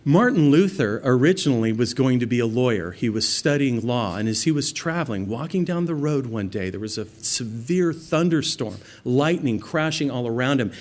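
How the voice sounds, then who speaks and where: A man delivering a sermon as a pastor, swelling loud on scripture readings and dropping soft and low for intimate appeals. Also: brisk.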